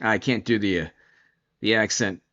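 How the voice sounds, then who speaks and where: A man's voice: lowish voice, steady tone, normal speed, pushed and bright, lo-fi sound. A man hosting a casual political commentary show, talking in a rambling way with many restarts and asides.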